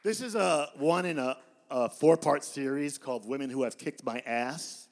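A man in his fifties giving a live poetry reading in a bar, with deadpan, self-mocking storytelling. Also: medium pitch, moderate pace. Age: 50s. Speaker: poet.

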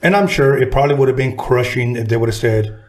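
A man's voice: mid-range voice, fast. A man interviewing a guest in a casual talk, giving short replies and words of encouragement.

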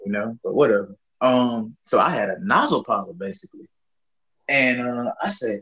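Young man, husky tone, laid-back and profane, casual storytelling host. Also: mid-range voice, lively intonation, moderate pace, pushed and bright, low-quality recording. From Southern US. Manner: profane, laid-back, rambling with frequent fillers. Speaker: podcast co-host.

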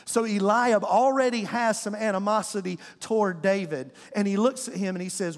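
A man's voice: high-pitched, moderate pace, few pauses. A male pastor, preaching a storytelling sermon to his congregation and acting out the voices. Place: church sanctuary. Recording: long hall reverb.

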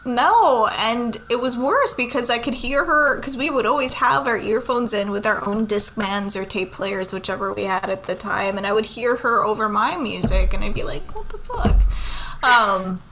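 A woman's voice: fairly high pitch, moderate pace, few pauses, a bit bright, a little hiss or hum, poor audio. A woman co-hosting a casual chat, blunt, swearing freely and laughing often.

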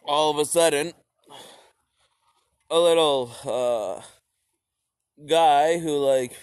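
A young man drawls through a profane, rambling comedic history rant in a slightly high voice. He talks slowly and keeps restarting his lines. The sound is dry and close, with no room around it. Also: clear, resonant tone, no echo.

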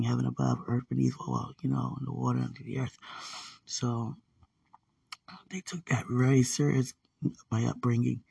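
A man with a gravelly, husky voice rambles through a casual podcast monologue, full of fillers and easy laughter. He sits a little back from the mic in a dry, dead room. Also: mid-range voice, darkish tone, dry recording, recorded from a distance. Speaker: podcast host.

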